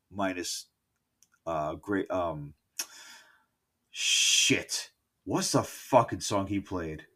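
A middle-aged man recalling a concert in a casual, profane and opinionated rant, full of asides, self-corrections and loud outbursts. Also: on the low side. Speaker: concert reviewer. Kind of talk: casual spoken concert recollection.

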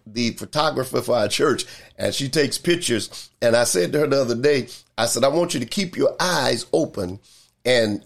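A man's voice: mid-range voice, vocal fry. Older male pastor, emphatic preaching. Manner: repetitive, emphatic preaching with drawn-out pauses. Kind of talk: sermon.

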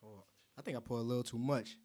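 A man's voice: mid-range voice, fairly even intonation, quick pace, a little mellow, slight background noise. Upbeat young male podcast host. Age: young adult. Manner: upbeat, hype-man slang. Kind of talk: casual podcast chat. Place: table indoors with drinks.

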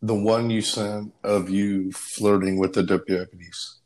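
Dude teasing his buddies on a call, kinda low voice. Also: flat delivery, a little slow, darkish tone. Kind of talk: casual chat.

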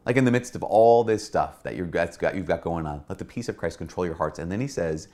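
Man, Catholic priest, very low voice, earnest homily-style talk, repeats phrases for emphasis. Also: a little fast, a little mellow. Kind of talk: spoken homily-style reflection.

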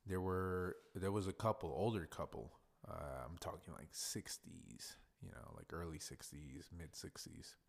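A man's voice: deep voice, measured pace, gravelly, few pauses, husky. A man hosting a podcast, talking alone in a blunt, profane, conversational way. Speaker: podcast host. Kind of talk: casual solo podcast monologue. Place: workplace in a hotel lobby.

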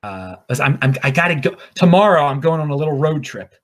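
A male show host from Baltimore talks in a loose, rambling monologue, hopping from one thought to the next. His pitch moves around a lot, rising and dipping as he goes. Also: expressive, fairly quick. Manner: rambling, off-the-cuff. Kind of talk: casual monologue.

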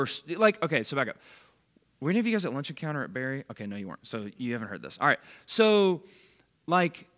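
A fast-talking bible study leader gives a relaxed, chatty sermon to a small group, his ordinary mid-pitched voice swinging up and down with animated emphasis. He keeps checking in, calling on and quizzing listeners by name.

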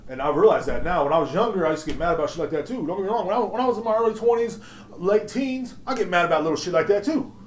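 A young man rants on his own podcast, cussing freely and rambling through stories. His voice sits a bit high for a man. The room around him gives a clear echo. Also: lively intonation, racing. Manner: profane, rambling storytelling, laughs often, acts out quotes. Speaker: podcast host. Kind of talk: casual solo rant. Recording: echoey room.

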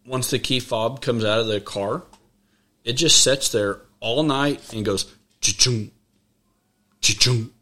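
A man's voice: mid-range voice, unhurried, pushed and bright. A young man, a podcast guest chatting casually in a dry, matter-of-fact way. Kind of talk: casual chat.

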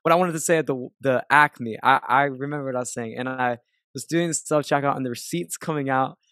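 A man's voice: mid-range voice, a little fast, clear, resonant tone, no room sound, studio quality. Laid-back man telling a story. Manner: laid-back and animated, swears freely, acts out dialogue. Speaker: music producer and artist, podcast guest. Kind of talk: casual conversational storytelling.

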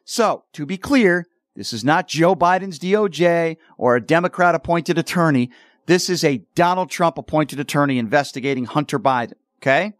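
A man's voice: on the high side, expressive, dry recording, clean studio sound. Combative male talk radio host. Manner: combative, slows down for emphasis. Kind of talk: political talk radio commentary.

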